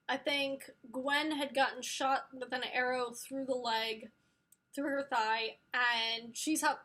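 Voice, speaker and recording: Woman, high voice, slow unhurried talk, rambling, gushing book reviewer. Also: a bit bright. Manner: gushing, rambling, many fillers. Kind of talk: casual spoiler book review.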